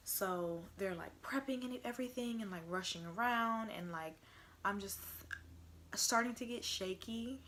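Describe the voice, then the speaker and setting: A woman's voice: medium pitch, fairly bright tone, a little hiss or hum. A young woman casually telling a personal story to camera, chatty and full of "like", acting out what others said. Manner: chatty, heavy use of "like", acts out quotes. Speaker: vlogger.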